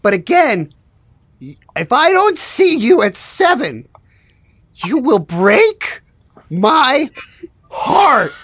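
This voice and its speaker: Brief: woman putting on a drawling, soulless, lovesick shop worker for a tabletop game, higher voice, dry sound. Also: lively intonation, moderate pace, dry recording, close to an everyday voice. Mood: lovelorn. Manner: drawling slacker impression. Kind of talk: improvised tabletop role-play.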